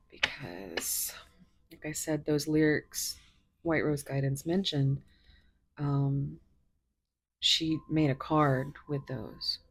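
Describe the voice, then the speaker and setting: Woman tarot reader, low-pitched, husky and breathy, slow, gushy and teary, often whispering. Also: no echo. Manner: gushing, emotional, often drops into whispers. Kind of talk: tarot card reading to viewers.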